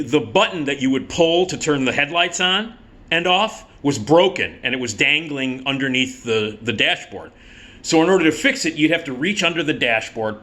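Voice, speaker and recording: A middle-aged man casually telling a personal story, animated and swearing freely, acting out the people in it. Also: mid-range voice. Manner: animated, acts out the cop and himself in quoted voices.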